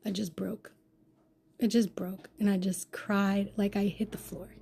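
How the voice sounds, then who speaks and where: Woman vlogger, dark mellow voice, raw confessional telling, hushed to loud, swears freely. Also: mid-range voice, little pitch movement, measured pace, gravelly, slightly rough. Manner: intense, swearing, swings from hushed to loud outbursts. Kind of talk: emotional personal storytelling.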